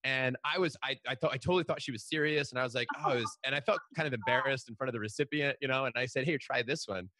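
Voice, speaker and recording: Middle-aged male guest, quick animated storyteller, dry close sound. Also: medium pitch, no echo. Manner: fast, animated storytelling with frequent restarts. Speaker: guest, author. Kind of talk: storytelling in a podcast interview.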